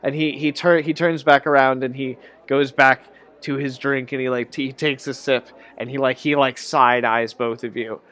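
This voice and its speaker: A man's voice: medium pitch, fairly even intonation, normal speed, a bit bright. A man running a tabletop role-playing game, narrating in a casual, rambling way with frequent restarts. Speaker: game master.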